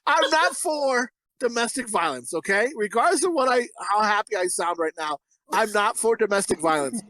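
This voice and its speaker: Man, lively swooping pitch, dry close sound, profane, laughing, casual chat. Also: normal speed, no echo. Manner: profane, laughs often, acts out quotes. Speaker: podcast co-host.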